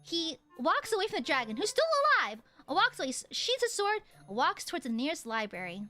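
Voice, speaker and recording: A woman's voice: high voice, sing-song, brisk, sharp tone, soft background music. A young woman narrating a tabletop game as game master, playful and giggly. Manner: playful, giggly, acts out crowd voices.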